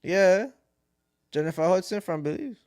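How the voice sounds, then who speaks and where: A young man with a Caribbean accent, co-hosting a casual podcast and talking loudly and excitably, swearing freely. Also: high-pitched, normal speed, dry recording, clean studio sound. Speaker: podcast co-host.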